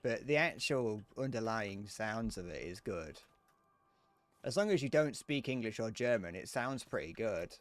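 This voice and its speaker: A man's voice: on the low side, animated, unhurried, no echo, soft background music. A man in his twenties chatting casually to viewers while playing a game live, joking and swearing as he goes. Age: 20s. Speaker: streamer.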